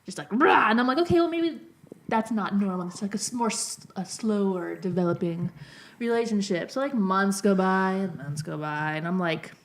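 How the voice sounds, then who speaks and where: A young woman on a podcast, telling a story in a rambling way, full of "like" and quick laughs. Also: medium pitch. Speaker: podcast co-host. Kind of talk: casual chat, storytelling.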